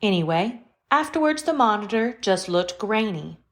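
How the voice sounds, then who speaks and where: A woman's voice: mid-range voice, sing-song, normal speed, fairly bright tone. A woman voicing a prim formal AI computer. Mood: calm. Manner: precise formal diction, no contractions. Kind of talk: audio drama acting.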